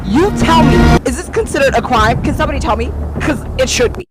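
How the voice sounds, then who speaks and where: Animated woman reacting over music. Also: sits high, fast talker. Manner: animated, exclaiming, swearing, breaking into laughter. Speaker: reaction video host. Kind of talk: casual reaction commentary.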